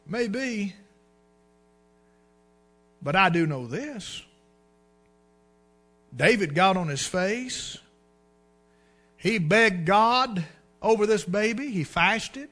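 A man's voice: animated, slow pace, long pauses, a bit bright. A man preaching a sermon in a folksy storytelling way, acting out the people in his stories. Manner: folksy storytelling, acts out dialogue with rising pitch and volume.

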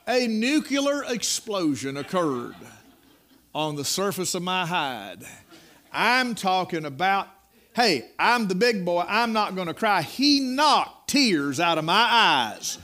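A middle-aged man preaching a sermon, telling a folksy, dramatic story that rises to loud peaks. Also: sits high.

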